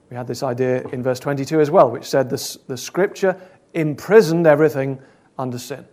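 A man preaching a sermon, earnest, asking probing questions and swinging between loud and soft. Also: on the high side.

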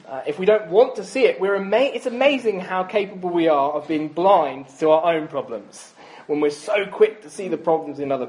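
A man's voice: on the high side, darkish tone, rough recording. A man in his thirties preaching a sermon in a chatty, self-deprecating way, with frequent ums and asides.

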